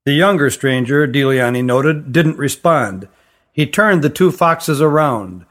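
A man's voice: a little high, expressive, unhurried, a bit bright. Man narrating a fantasy audiobook.

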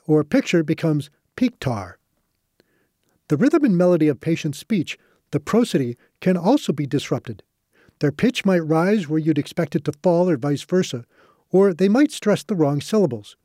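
A man reading a scripted nonfiction narration in an even, measured way. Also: a little high, no echo, clean studio sound.

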